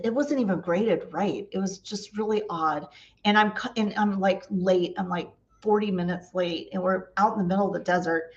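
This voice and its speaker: A woman vlogger tells stories in a casual, chatty way, acting out the voices in each exchange and laughing often. Her pitch sits mid-range for a woman. The recording is slightly dull, with a lo-fi edge. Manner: chatty, laughs often, acts out quoted dialogue. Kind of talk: casual storytelling.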